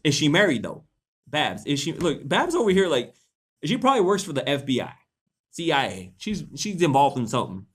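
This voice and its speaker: Animated young man hosting a livestream. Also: on the high side, fairly quick, breathy edge. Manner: animated, laughs often, swears casually. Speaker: host reading posts on a livestream. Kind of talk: casual livestream chat.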